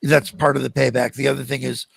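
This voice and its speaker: An older American man, a podcast guest, telling animated stories and acting out the voices of the people in them. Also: mid-range voice, fast talker, creaky, no room sound. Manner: animated, acts out quoted voices. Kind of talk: storytelling in a podcast interview.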